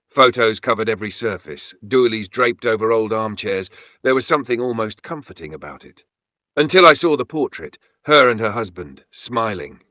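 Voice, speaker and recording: Hushed, low male horror narrator. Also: dry recording, clean studio sound.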